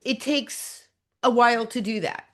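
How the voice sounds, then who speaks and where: A woman's voice: a little high, a little slow, a bit bright. A woman hosting an interview podcast, speaking in an emphatic, motivational way. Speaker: podcast host.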